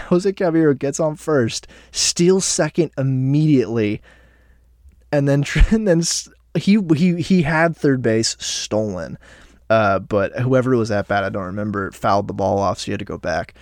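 Man in a casual solo sports recap, lively and profane, bright pitch swings, dry close-miked sound. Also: dry recording. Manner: animated, profane, fan banter. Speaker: sports podcaster.

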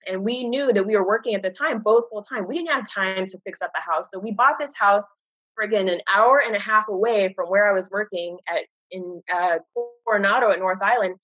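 An earnest woman in her thirties, openly telling her own story as a guest on a recorded conversation. Her voice is husky and a little breathy. The sound is dry and dull, like a lo-fi recording. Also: mid-range voice, fairly quick, no echo. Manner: earnest, open, animated when quoting others.

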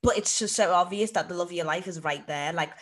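A woman's voice: fairly low pitch, fast talker. A woman co-hosting a motorsport podcast, chatting playfully with slang and jokey asides. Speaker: podcast co-host. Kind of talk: casual chat.

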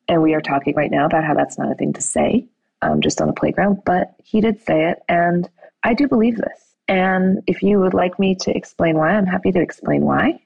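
A woman's voice: on the low side, vocal fry, slightly rough, no echo, highs cut off. A middle-aged woman telling a family story in a conversational way, acting out quoted dialogue with fillers and restarts.

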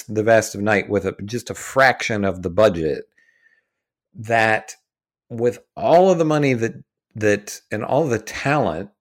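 A man co-hosting a podcast, talking films in a rambling, hedging way with many restarts. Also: lowish voice. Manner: rambling, hedging, restarts, keeps asking "you know what I mean". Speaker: podcast co-host. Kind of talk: casual film discussion.

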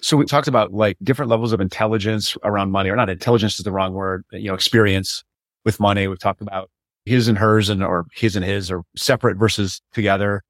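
A man's voice: on the low side, steady tone, fast, no echo, studio quality. A man hosting a conversational interview, asking curious questions and reflecting on what he hears. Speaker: interview host.

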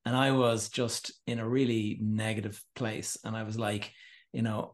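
A man hosting a podcast, sharing a personal story in a relaxed way and asking his guest follow-up questions. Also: on the low side, moderate pace. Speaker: podcast host. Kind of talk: conversational interview.

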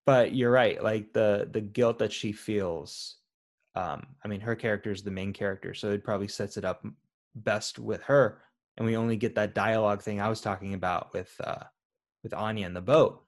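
A man's voice: lowish voice, fairly even intonation, moderate pace. A man co-hosting a casual podcast chat about a film, talking loosely with many fillers. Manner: loose and conversational, lots of "like" fillers. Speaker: podcast co-host.

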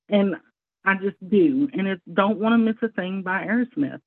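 A woman's voice: medium pitch, expressive, a little fast, no room sound. Southern woman on a tinny line. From American South. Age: 40s. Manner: candid, laughs easily. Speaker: interview guest. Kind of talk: casual conversation. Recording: tinny phone-like line, dry.

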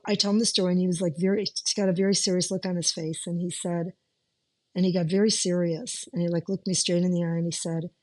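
A middle-aged American woman with a mid-range voice recounts her life story in an interview. She speaks conversationally and emotionally, with many restarts and fillers.

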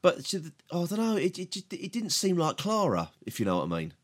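A man's voice: high-pitched, huge pitch swings, fairly quick. A British man co-hosting a podcast, casually reviewing an episode, hesitant and full of repeated words and grumbles. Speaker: podcast co-host.

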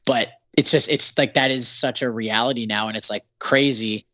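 A man's voice: mid-range voice, steady tone, normal speed, bright, forceful tone, no room sound. A Canadian man, a band's singer, talking as a podcast guest in a sarcastic, profane, rambling way with lots of fillers. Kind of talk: casual podcast interview.

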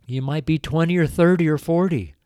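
A man's voice: fairly high pitch, warm tone, smooth, no echo, clean studio sound. An older man, a street preacher, giving an earnest, pleading sermon on a show, tearful and emotional. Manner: slow, earnest, pleading, with drawn-out emphasis.

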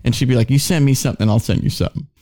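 A man's voice: medium pitch, very fast. A man co-hosting a podcast, telling crude comic stories with lots of laughter and acted-out quotes. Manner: animated, laughs often, acts out quoted voices. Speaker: podcast co-host. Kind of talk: crude comedic storytelling.

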